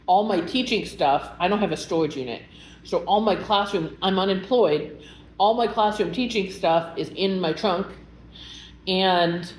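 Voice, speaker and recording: A young woman telling a personal story in a casual vlog, rambling and emotional, with many filler words. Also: lowish voice. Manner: chatty, rambling, full of "like" fillers; emotional, animated retelling. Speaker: vlogger. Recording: roomy echo with faint background hum.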